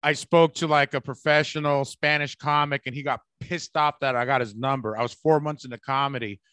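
Bright-voiced profane podcast host. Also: male voice, medium pitch, fairly even intonation, a little fast, smooth, dry recording. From San Francisco Bay Area. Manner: profane, rambling, bursts into laughter. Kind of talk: casual podcast chat.

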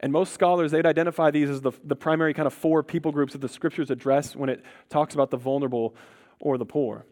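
A man's voice: on the high side, steady tone, fast, darkish tone. A man preaching a sermon as a pastor, earnest, drops his voice on key words and teases the congregation now and then.

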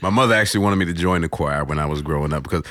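A middle-aged man from St. Louis with a very deep voice, telling stories animatedly in a casual podcast chat and slipping into voices. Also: racing, dry recording, studio quality. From St. Louis, Missouri. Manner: animated storyteller, breaks into voices and laughs. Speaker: voice actor guest.

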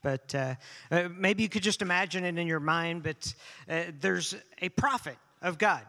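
A man preaching a storytelling sermon in an animated way, often repeating words as he starts a phrase. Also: sits high, moderate pace. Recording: long reverb of a large hall.

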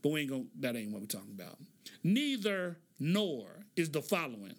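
A man giving casual commentary, preachy and animated, stretching words for emphasis and laughing often. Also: a little high, moderate pace.

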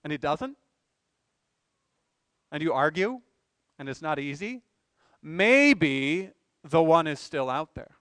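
A male pastor delivers an earnest sermon, posing rhetorical questions and building to emphatic swells. His voice sits high for a man and sounds smooth and resonant. The recording is dry, with little room sound. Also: very animated, takes it slowly, long pauses, fairly bright tone, no room sound.

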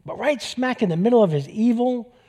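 Animated preacher in a reverberant hall. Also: male voice, extremely high pitch, a little fast. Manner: animated storytelling, acting out dialogue. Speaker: pastor. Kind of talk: sermon.

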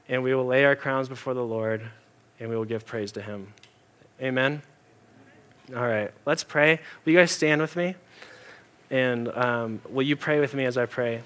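A man preaching a sermon in a casual, earnest way, full of "like" fillers, slowing down and going soft to stress a point. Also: mid-range voice. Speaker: pastor.

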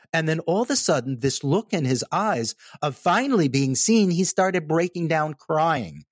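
A man telling a personal story in casual conversation, animated and emphatic. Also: fairly high pitch, moderate pace, hardly any pauses, breathy edge, no echo, clean studio sound. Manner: animated, emphatic, repeats "okay?" for effect.

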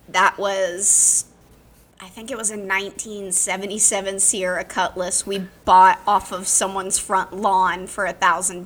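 A woman's voice: medium pitch, sharp tone. A woman from Alabama co-hosting a podcast, chatting casually and telling stories in a playful, punning, self-mocking way. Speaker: podcast co-host. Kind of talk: casual chat.

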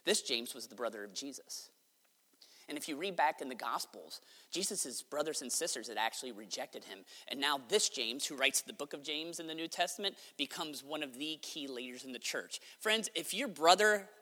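Bright-voiced preacher in his forties. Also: medium pitch, moderate pace. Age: 40s. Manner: animated, conversational, jokey. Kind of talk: sermon. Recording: long reverb of a large hall.

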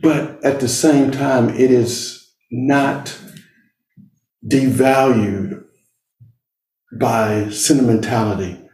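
Slow, earnest middle-aged man, roomy distant sound. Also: medium pitch, fairly even intonation, darkish tone. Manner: slow, deliberate, earnest, with long pauses. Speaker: speaker. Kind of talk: personal storytelling talk.

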